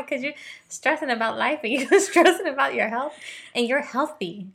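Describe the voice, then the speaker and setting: A woman's voice: high voice, expressive, normal speed, gravelly, a bit bright. A young woman in casual chat, playful and laughing often.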